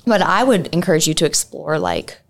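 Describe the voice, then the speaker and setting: Low-voiced, earnest woman co-host. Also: wildly swooping pitch, fairly quick, creaky. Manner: earnest, reflective, many "like"s. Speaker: podcast co-host, mental health clinician. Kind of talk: casual chat.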